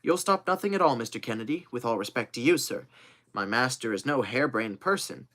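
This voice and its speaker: Guy putting on a bright, chirpy young servant, super eager and loyal. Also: mid-range voice, animated, brisk, natural voice. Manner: eager, earnest. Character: cheerful loyal young male manservant.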